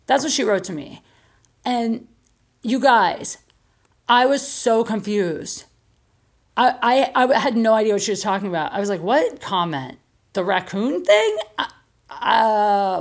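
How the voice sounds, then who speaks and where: A woman telling a comedic anecdote on her podcast, animated, acting out friends' lines and swearing freely. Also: a little slow, long pauses. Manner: animated, acts out quotes with raised pitch, swears freely. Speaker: podcast host. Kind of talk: storytelling, casual comedic anecdote.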